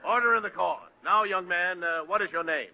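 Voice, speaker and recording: Actor as a stern, pompous judge, raised voice; old radio, noisy and muffled. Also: male voice, high voice, fairly quick, vocal fry. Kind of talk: 1940s radio comedy acting.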